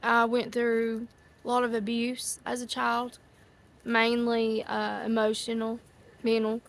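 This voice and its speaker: A woman's voice: fairly high pitch, monotone, slow. A middle-aged woman, hosting a casual outdoor chat to a live audience, rambling and easily sidetracked. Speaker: host. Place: outdoors near ducks. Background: ducks quacking.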